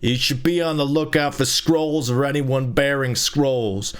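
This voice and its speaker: A man's voice: medium pitch, steady tone, measured pace, clean tone, natural voice. A man voicing a stern, secretive male stranger hidden behind a door, with a put-on accent and a curt, commanding delivery, while reading game text aloud.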